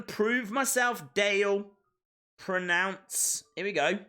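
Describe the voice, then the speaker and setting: A man's voice: fairly high pitch, lively intonation, moderate pace, bright, forceful tone. A man hosting a live reaction stream, chatting playfully and reading viewer comments aloud.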